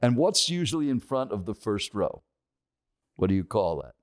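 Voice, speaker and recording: An older man, a podcast guest, telling an animated story and questioning his listeners. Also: on the low side, normal speed.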